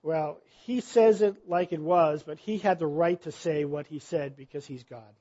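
High-voiced man preaching a sermon. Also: normal speed, dark tone, muffled recording. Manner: conversational preaching, rhetorical questions. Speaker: pastor.

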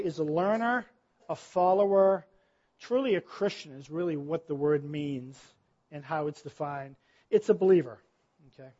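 A man's voice: high-pitched, a little mellow, highs cut off. A man preaching a sermon in a conversational style, full of rhetorical questions. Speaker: pastor.

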